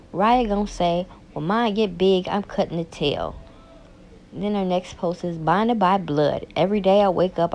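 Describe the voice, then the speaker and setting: Woman, casual commentary, exasperated, incredulous, middle pitch. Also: vocal fry, slight background noise. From Chicago. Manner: incredulous, exasperated, rising to sharp outbursts. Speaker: commentary channel host.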